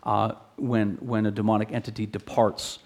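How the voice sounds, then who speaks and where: A man preaching an expository sermon in an earnest teaching manner, often restarting phrases and rising in pitch when he reads scripture aloud. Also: little pitch movement, moderate pace, a little mellow.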